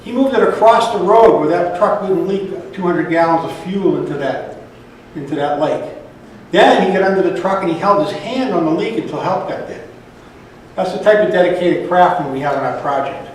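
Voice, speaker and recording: A man's voice: high voice, animated, slight background noise. Plainspoken man in an echoey hall. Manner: plainspoken, halting with restarts. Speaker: speaker at worker reception. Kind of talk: informal speech to an audience. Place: large echoey reception hall. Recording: echoey hall, mic from far off.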